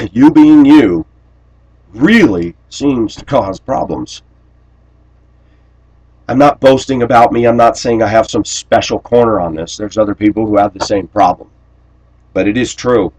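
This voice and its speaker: A man delivering a rambling personal monologue to camera, blunt and aggrieved, often clearing his throat. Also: medium pitch, darkish tone, poor audio. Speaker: vlogger.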